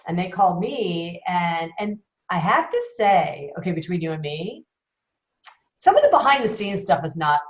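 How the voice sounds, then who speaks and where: A woman chatting casually on a call, telling stories in an animated, chatty way. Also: on the low side, moderate pace. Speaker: member on a call. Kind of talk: casual chat. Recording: roomy, dull call audio.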